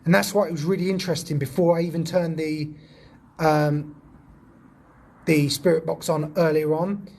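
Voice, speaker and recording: Jumpy high-voiced man in an echoey building. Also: steady tone, moderate pace, creaky, pauses often, darkish tone. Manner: jumpy, nervous, swears when startled. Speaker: paranormal investigator vlogger. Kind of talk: casual commentary to camera and calling out to spirits. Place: old prison building indoors. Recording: echoey indoor space with faint ambience.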